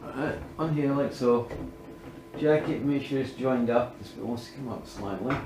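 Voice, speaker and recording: A man's voice: mid-range voice, moderate pace, a little mellow, echoey room, a little hiss or hum, low-quality recording. A man filming a casual woodworking demonstration, talking himself through each step and often muttering under his breath. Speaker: DIY woodworking vlogger.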